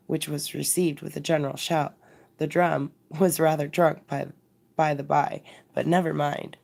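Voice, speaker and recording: A woman narrating a classic story aloud as a bedtime reading, measured and expressive. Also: low-pitched, creaky.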